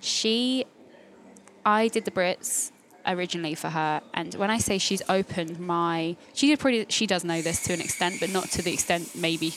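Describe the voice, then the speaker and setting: A young woman, a professional dancer, chatting candidly as a podcast guest, lively and quick to swear. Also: on the low side, rough recording. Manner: candid, animated, swears freely. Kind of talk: casual podcast conversation.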